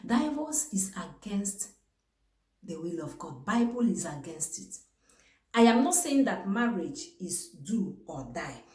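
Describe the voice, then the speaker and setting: A woman with a Nigerian English accent lectures her viewers on marriage, slow and weighty, often asking herself "what?" before answering. Her pitch swings widely between low asides and sharp exclaimed peaks. The room around her rings with echo. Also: sing-song. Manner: emphatic, rhetorical questions, sudden exclamations. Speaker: vlogger giving marriage advice. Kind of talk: preachy advice talk to camera.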